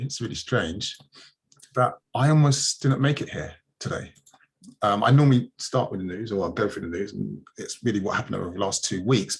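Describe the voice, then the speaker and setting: Gravelly man hosting a livestream. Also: on the low side, fairly bright tone. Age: adult, married. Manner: chatty, storytelling, frequent restarts and fillers. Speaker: host of a community news livestream. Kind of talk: casual livestream talk.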